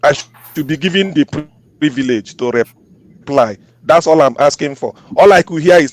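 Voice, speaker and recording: A man's voice: fairly high pitch, normal speed, no echo. A man, speaking indignantly in a group discussion and repeating phrases insistently. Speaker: discussion participant.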